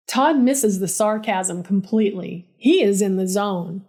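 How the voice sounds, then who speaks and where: A woman narrates her own story at an unhurried, deliberate pace, her pitch sitting in a middle range. She works as a nurse and tells it drily, with a sarcastic, exasperated edge. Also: darkish tone. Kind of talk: first-person storytelling narration.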